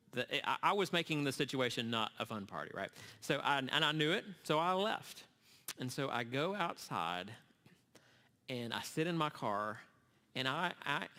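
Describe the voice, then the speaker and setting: Middle-aged male church speaker, earnest storyteller with a tense, bright edge; recorded in a reverberant hall. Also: medium pitch. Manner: earnest, halting storyteller with many restarts. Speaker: speaker at a church summer series. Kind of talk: storytelling sermon talk. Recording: long reverb of a large hall.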